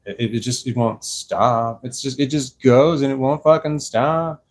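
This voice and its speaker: A young man rambling slowly on a live stream from his sofa, tired and a little slurred, laughing often. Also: medium pitch, steady tone. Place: dark room on a sofa at home. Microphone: clip-on microphone.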